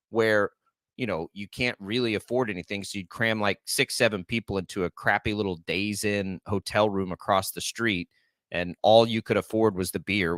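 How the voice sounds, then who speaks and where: Lively, heartfelt radio co-host in his forties. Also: lowish voice, no room sound, clean studio sound. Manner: animated, rambling, heartfelt, with many restarts. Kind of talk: casual sports talk. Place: radio studio. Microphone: studio microphone.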